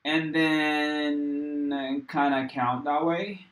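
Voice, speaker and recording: A young man thinking aloud while he codes on a livestream. He rambles casually, swears freely and talks straight to his chat. His voice sits a little high, and the room adds a noticeable echo. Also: fairly even intonation, very slow, a bit bright. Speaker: livestreaming programmer. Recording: roomy echo.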